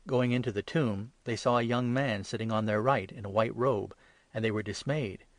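A man giving a measured, solemn scripted reading of scripture. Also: lowish voice, dry recording. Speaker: reader.

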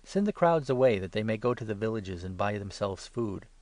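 A man's voice: lowish voice, expressive, fairly quick, a little mellow, no room sound, lightly acted. A man voicing a group of worried male disciples who speak in an anxious, advising way in a scripture reading.

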